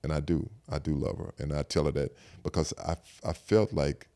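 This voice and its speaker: Gravelly deep-voiced older man, fast. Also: dark tone. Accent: Southern American. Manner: reflective, repeats "I said" while retelling conversations. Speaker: podcast guest. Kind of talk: casual storytelling chat.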